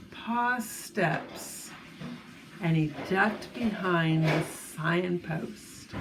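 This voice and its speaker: A woman reading a children's chapter book aloud, gentle and storytelling, with asides to young listeners. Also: mid-range voice, noisy background.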